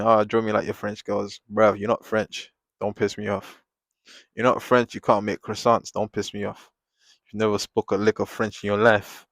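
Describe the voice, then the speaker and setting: Gravelly man ranting on stream. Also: on the low side, no room sound, studio quality. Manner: rambling, venting in animated bursts. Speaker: artist streaming a live drawing session. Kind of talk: casual live-stream chat. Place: home, at a table. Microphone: desk microphone.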